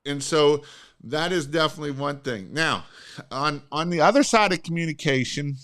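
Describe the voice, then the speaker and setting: A man hosting a podcast, coaching on sales in an energetic, emphatic way and repeating his points. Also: fairly high pitch, normal speed. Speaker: podcast host. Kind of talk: casual sales coaching chat.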